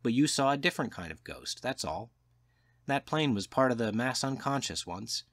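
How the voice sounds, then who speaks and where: A man's voice: mid-range voice, animated, moderate pace, fairly bright tone, dry recording, clean studio sound. A man voicing a worldly, cynical male journalist who lectures in a knowing, slightly raised voice, in an audiobook reading. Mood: explaining. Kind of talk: audiobook character voice.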